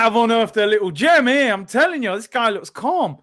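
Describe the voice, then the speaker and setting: A young man hosting a live football watchalong, reacting loudly to the play and then talking himself back down. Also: sits high, normal speed. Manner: excitable, shouts at big moments, then calms himself down. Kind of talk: live match watchalong commentary.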